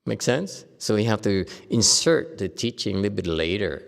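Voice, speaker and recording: Gravelly man lecturing in a reverberant hall. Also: lowish voice, normal speed. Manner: lively storytelling, acts out quoted speakers, laughs often. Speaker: Buddhist teacher. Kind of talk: Dharma lecture. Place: Buddhist meditation hall.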